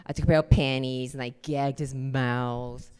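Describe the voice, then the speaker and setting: A woman's voice: a bass voice, moderate pace, clear, resonant tone, big-room sound. A woman comedian doing a stand-up set on a club stage, acting out voices and chatting with the crowd. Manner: animated, acts out voices, chats with the crowd.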